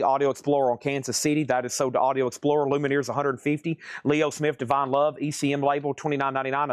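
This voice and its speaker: A man hosting a live-streamed record sale, rattling off titles, prices and conditions in quick auction patter. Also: mid-range voice, no echo, studio quality. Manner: rapid-fire listing of prices and conditions.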